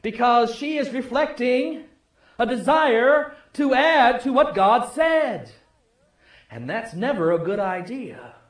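A male pastor preaching a sermon, telling the story with swings from loud to hushed. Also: extremely high pitch, animated, takes it slowly, roomy sound.

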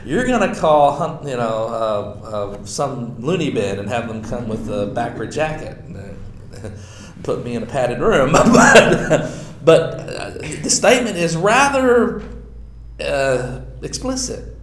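Slow, deliberate male Bible teacher. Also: a little high, expressive, roomy sound. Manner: slow, deliberate, reads scripture aloud then explains.

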